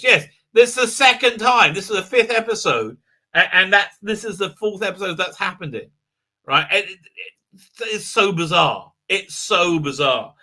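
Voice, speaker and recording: High, bright ranting male streamer. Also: lively intonation, moderate pace. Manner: ranting, sarcastic, many filler sounds. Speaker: host. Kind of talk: live-stream commentary.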